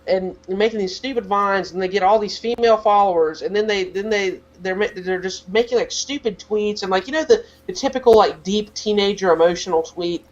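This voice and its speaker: A man's voice: high voice, a little fast, hardly any pauses, muffled recording. A teenage boy co-hosting a podcast, talking in a rambling casual rant full of "like" fillers. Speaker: podcast co-host.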